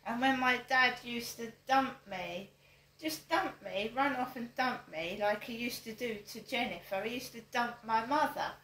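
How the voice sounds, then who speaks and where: A woman's voice: on the high side, normal speed, fairly bright tone, reverberant, low-quality recording. An older woman, talking straight to camera, stressing her points and repeating them as rhetorical questions. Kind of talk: direct-to-camera monologue.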